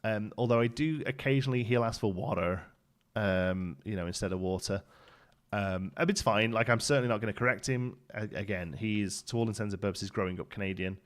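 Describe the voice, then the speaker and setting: Speaking quickly with few pauses, this man in his thirties from Birmingham, England, chats on his game live stream in a Brummie accent. His voice is on the low side, and he rambles and restarts a lot over faint background music.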